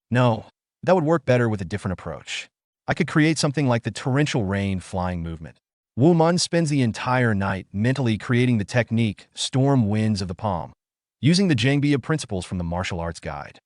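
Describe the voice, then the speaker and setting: A man narrating a comic story recap in a steady, scripted storytelling manner. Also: mid-range voice, no echo, studio quality.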